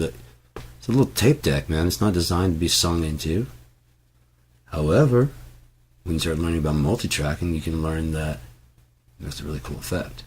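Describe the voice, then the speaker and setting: Very deep-voiced man, rambling and profane. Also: normal speed, long pauses, darkish tone, slight background noise. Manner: loose, profane, full of asides and restarts. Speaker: music channel host. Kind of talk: casual rambling talk to camera.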